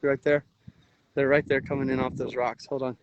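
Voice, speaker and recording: A man's voice: mid-range voice, level tone, moderate pace, lo-fi sound, slight background noise. An exhausted man livestreaming outdoors by a river, talking in an urgent, earnest, rambling way with restarts. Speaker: livestream host, veteran volunteer. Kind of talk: emotional outdoor livestream commentary. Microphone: phone livestream.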